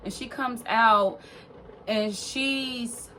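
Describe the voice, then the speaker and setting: A woman's voice: fairly high pitch, drawn-out words, bright, forceful tone, slight background noise. A young woman vlogger telling a long personal story in a casual, rambling way, full of fillers and swearing.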